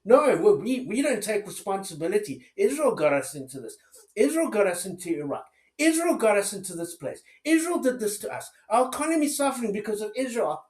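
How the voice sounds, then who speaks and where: A man's voice: sits high, very animated, a little fast, darkish tone. A man giving an angry political rant, swearing heavily and firing off sarcastic rhetorical questions. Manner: furious, heavy swearing. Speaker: political commentator. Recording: roomy echo.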